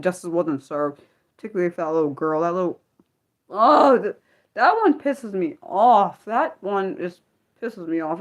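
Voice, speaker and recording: A woman hosting an unscripted livestream, talking heatedly and swearing freely, swinging between fired-up outbursts and low muttering. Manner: swears freely, lots of restarts. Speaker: livestream host.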